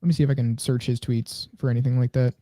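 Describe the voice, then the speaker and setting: A man co-hosting a podcast, casually thinking out loud as he scrolls through and reads posts. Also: medium pitch, level tone, fast, slight background noise. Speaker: podcast co-host.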